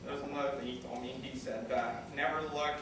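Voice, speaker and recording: A man's voice: mid-range voice, flat delivery, quick pace, background noise. A man with a Canadian accent improvising as a bumbling weatherman in a mock newscast, rambling and self-deprecating with many hesitations. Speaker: improv performer playing a weatherman. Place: theatre stage with live audience. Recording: echoey stage recorded from far off, audience laughter.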